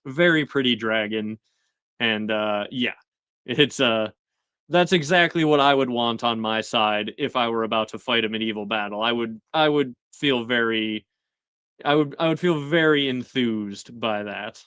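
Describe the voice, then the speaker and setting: Guy doing a chatty episode recap, smooth clear voice, dry close mic, lots of ums. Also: medium pitch, fairly bright tone, dry recording. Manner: chatty, many fillers, paraphrases scenes with quick quoted lines. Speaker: show host.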